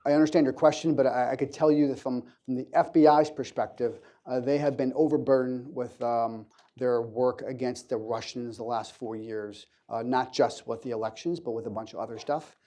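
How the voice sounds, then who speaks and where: A man, a government counterintelligence official, answering questions on a conference panel in a measured way with frequent fillers and restarts. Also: medium pitch, fairly even intonation, dark tone. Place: conference hall.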